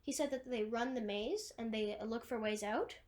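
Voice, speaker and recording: A woman's voice: a little high, moderate pace, a little mellow. A woman casually retelling a movie's plot, rambling with lots of fillers and restarts. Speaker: movie recapper.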